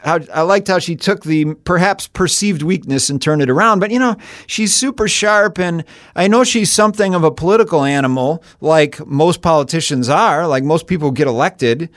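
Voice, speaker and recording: A man's voice: a little high, normal speed, dry recording, studio quality. A man co-hosting a casual political podcast, chatty and teasing, laughing often. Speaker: podcast co-host, editorial board member.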